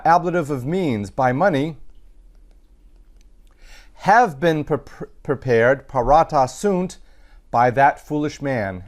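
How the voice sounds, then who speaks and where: A man teaching Latin, working slowly through sentences and parsing each word aloud, with frequent pauses and fillers. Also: medium pitch. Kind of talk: recorded grammar lesson.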